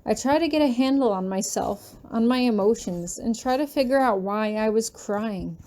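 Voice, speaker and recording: Mellow-voiced woman reading fanfiction aloud. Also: on the high side, normal speed. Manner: emotional, earnest storytelling. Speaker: fanfiction reader. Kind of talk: first-person audiobook narration.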